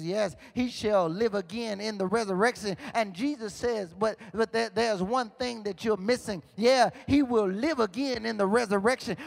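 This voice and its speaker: A man preaching a sermon as pastor, rising into shouted, sing-song emphasis. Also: high voice, vocal fry. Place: church sanctuary. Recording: long hall reverb.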